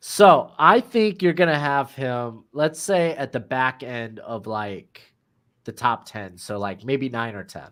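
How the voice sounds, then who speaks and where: A young man co-hosting a casual chat, halting and full of restarts. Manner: halting, restarts a lot, lively swings in pitch. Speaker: co-host.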